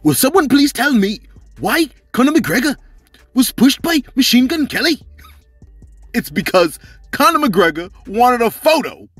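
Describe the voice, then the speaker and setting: Male gossip host, high and very animated, laughs a lot, chatty, dry close mic. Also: measured pace, husky, no echo, faint music behind. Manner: animated, laughing, repeats "you see what I'm saying". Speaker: celebrity gossip channel host. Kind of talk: casual gossip commentary.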